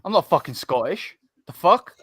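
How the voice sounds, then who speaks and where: A man's voice: a little high, very animated, normal speed, fairly bright tone, slight background noise. A young man in brash, mocking football banter, swearing freely. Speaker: podcast panelist. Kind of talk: casual banter.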